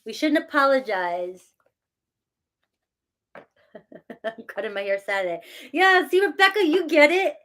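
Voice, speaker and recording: Middle-aged woman, fairly high-pitched, chatty tarot reader thanking viewers by name. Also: expressive, measured pace, long pauses, fairly bright tone. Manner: chatty and self-mocking, reads out viewer names, laughs often. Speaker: tarot reader talking to live chat. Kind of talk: casual live-stream chat.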